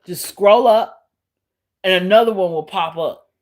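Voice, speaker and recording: A woman live streaming who talks to her chat in a slow, unhurried drawl. She is blunt and sassy, swears freely, and laughs often as she answers the trolls in her chat. Her voice sits in a middle pitch range. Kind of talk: casual livestream chat answering viewers.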